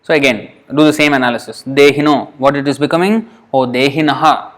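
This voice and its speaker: Patient man teaching verse pronunciation. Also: medium pitch. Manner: patient, repeats words slowly to demonstrate pronunciation; halting, with fillers and self-corrections. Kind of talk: classroom lesson.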